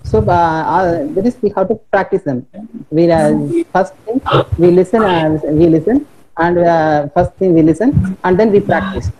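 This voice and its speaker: A college teacher, giving a webinar talk in a halting way with many fillers and restarts. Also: male voice, sits high, warm tone. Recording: noisy online call audio.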